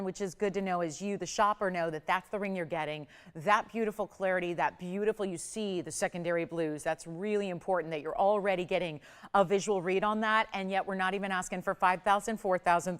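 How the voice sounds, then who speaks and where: Smooth-voiced woman selling jewelry live. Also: mid-range voice. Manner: chatty, upbeat, salesy. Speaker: home shopping host. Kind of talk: live jewelry sales pitch.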